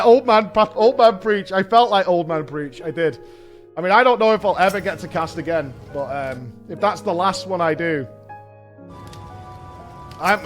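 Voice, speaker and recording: A man with a hoarse voice chatting excitedly with his stream audience, swearing freely and repeating himself as he reads chat. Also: sits high. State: hoarse from shouting. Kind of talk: casual chat with a live audience.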